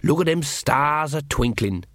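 A man's voice: on the high side, animated, measured pace, a bit bright, no room sound, studio quality. A man voicing an easygoing, talkative village drinker telling old stories. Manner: easygoing, chatty.

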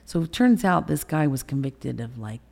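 Woman, sixties, husky, dark tone, blunt candid storytelling, swears freely. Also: rumbling low, expressive, moderate pace. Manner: blunt, profane, vivid storyteller. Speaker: interview guest. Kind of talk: candid storytelling in a podcast interview.

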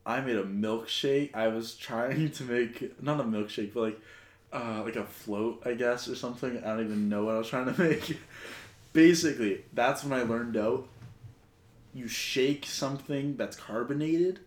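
A young man tells a long, rambling story and keeps breaking into laughter as he goes. His voice sits at an ordinary pitch. The room is roomy and echoey, picked up by one mic set on a laptop. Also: moderate pace. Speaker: podcast host. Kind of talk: casual chat. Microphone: single shared mic on a laptop. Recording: roomy home recording.

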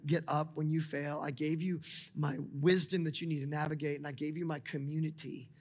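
A man in his forties preaching a sermon as a pastor, talking with passion and rising to near-shouts as he speaks to God aloud. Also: fairly high pitch. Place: church auditorium. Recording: large hall with long reverb, music beneath.

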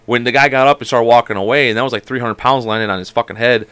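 A man co-hosting a casual sports podcast who tells stories rapidly and swears freely. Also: medium pitch, fairly even intonation, a bit bright, clean tone, no room sound. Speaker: podcast co-host.

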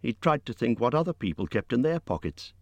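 A man narrating an audiobook in an expressive reading voice, lifting his pitch for character lines. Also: fairly quick, no room sound. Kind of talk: scripted narration.

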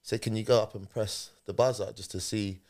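A man's voice: fairly low pitch, fairly quick. A man, a podcast guest telling a personal story in conversation, animatedly acting out what people said. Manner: animated retelling, acting out quoted speech.

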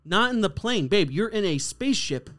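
A man hosting a podcast, chatting casually and laughing a lot as he teases his guests. His voice moves up and down freely, and it sounds smooth and clear. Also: sits high, animated, moderate pace, a bit bright. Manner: laughs often, playful and teasing. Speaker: podcast host. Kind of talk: casual chat.

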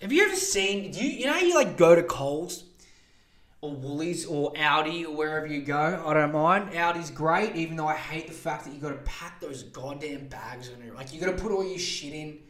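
An Australian man hosts a comedy podcast, ranting and rambling with lots of swearing while handing out mock advice. His voice is a little high, a bit bright, and animated at normal speed, with a roomy echo on the recording.

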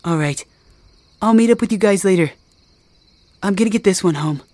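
A man's voice: high-pitched, normal speed, a little mellow, no room sound, natural voice. A man doing an easygoing, friendly young buddy. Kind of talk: fan audio drama.

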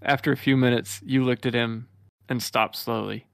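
A man reading fan fiction aloud on a comedy podcast, keeping a flat, steady delivery at a middle pitch. The sound is close and dry, with no room echo. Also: moderate pace, gravelly, clear, resonant tone. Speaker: podcast co-host.

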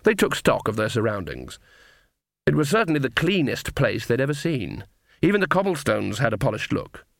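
A man reading an audiobook in a measured, wry storytelling manner. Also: medium pitch, big pitch swings, vocal fry, dry recording, studio quality. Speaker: audiobook narrator. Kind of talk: scripted narration.

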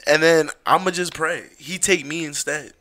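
A young man co-hosting a podcast, slangy and animated, acting out little voices as he jokes. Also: a little high, normal speed. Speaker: podcast co-host. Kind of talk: casual banter.

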